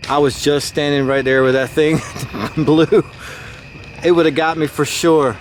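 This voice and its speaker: A vlogger giving casual, excitable running commentary outdoors at night, exclaiming and laughing nervously while crouched behind a parked car. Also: mid-range voice, measured pace. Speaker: vlogger filming fireworks. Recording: noisy outdoor camera audio. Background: crickets and firework bangs.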